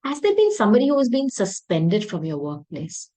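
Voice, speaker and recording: A woman reading tarot cards for her viewers, talking in an emphatic, intuitive way, often repeating words and clearing her throat. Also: medium pitch, huge pitch swings, fairly quick, warm tone, rough recording. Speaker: tarot reader.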